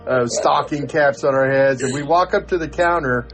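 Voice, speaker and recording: A man's voice: mid-range voice, normal speed, a bit bright, faint music behind. An older man, a podcast co-host, telling a story in casual chat, chuckling and acting out the quoted voices.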